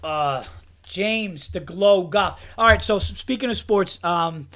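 A man's voice: high-pitched, slow, a bit bright. A man hosting a comedy podcast, telling stories in a casual chat and laughing to tears as he restarts lines with "so then". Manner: storytelling, repeats "so then" while laughing. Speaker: podcast host.

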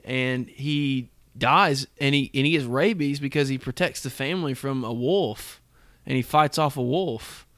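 A man's voice: mid-range voice, measured pace, few pauses, fairly bright tone, no echo, clean studio sound. A young man, chatting casually as a podcast co-host and telling a long story with many restarts. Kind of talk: casual chat.

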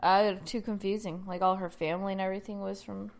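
A woman's voice: medium pitch, little pitch movement, quick pace, gravelly. Tired, playful female podcast co-host. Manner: tired, playful, defends bad movies. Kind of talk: casual chat.

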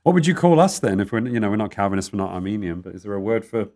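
A man's voice: lowish voice, big pitch swings, very fast, dark tone. A man co-hosting a talk show in a casual, easygoing way, reading viewer questions aloud.

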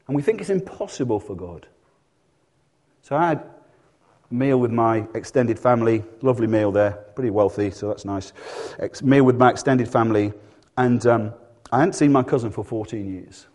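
A man's voice: medium pitch, normal speed, darkish tone. A male pastor preaching a sermon in a church, telling stories and acting out voices in dialogue.

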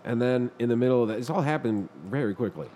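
Buffalo guy telling a wild bar story, swears a lot, laughs through it, voice sits mid pitch. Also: quick pace, a little hiss or hum. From Buffalo, New York. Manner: animated, profane, chuckles while telling. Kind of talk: casual storytelling chat.

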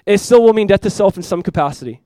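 A young man preaching a sermon at a quick clip, his voice sitting a little high for a man. He talks in a loose, animated way, scattering "like" through his lines. The sound is close and dry. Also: dry recording. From South Florida. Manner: fast, casual and animated, full of "like" asides. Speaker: pastor.

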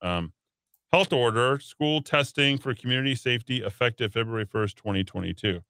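A man's voice: mid-range voice, moderate pace, bright, forceful tone, dry recording, clean studio sound. A man hosting a talk radio show, reading listener texts aloud with sarcastic jokes. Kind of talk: casual radio banter.

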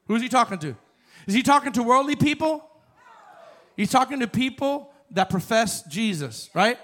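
Pastor, male, high voice, chatty sermon delivery that climbs into fervent calls. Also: expressive, normal speed. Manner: conversational, builds to fervent shouting.

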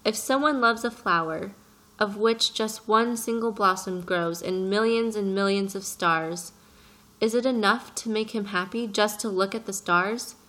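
A woman's voice: medium pitch, measured pace, fairly bright tone, close to an everyday voice. Woman voicing an earnest, indignant little prince. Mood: impassioned. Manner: passionate, insistent questioning. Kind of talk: audiobook character voice.

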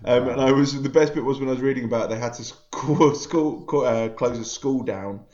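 A man's voice: medium pitch, brisk, darkish tone, highs cut off. A man co-hosting a casual podcast over a video call, hesitant with frequent ums and laughing at his own stories. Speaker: podcast co-host.

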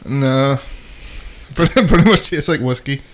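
Lively, teasing man in casual chat. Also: medium pitch, slow. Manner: teasing, laughing. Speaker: podcast co-host.

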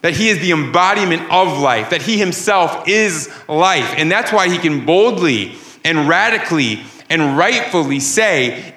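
Male pastor, emphatic sermon delivery, bright edge, roomy church echo. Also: a little high, animated, unhurried, few pauses. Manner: emphatic, rising and falling preaching cadence. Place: church sanctuary. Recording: echoey church room.

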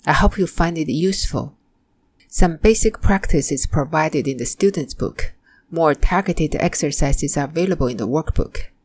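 A woman teaching a Mandarin lesson in a scripted narration, modeling example phrases slowly and carefully. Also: sits low, a little mellow, a little hiss or hum.

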